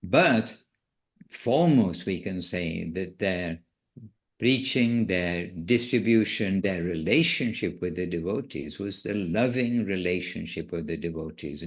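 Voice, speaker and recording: A man with a low, creaky voice, a spiritual teacher, gives an informal devotional talk. He muses aloud and gently corrects himself as he goes.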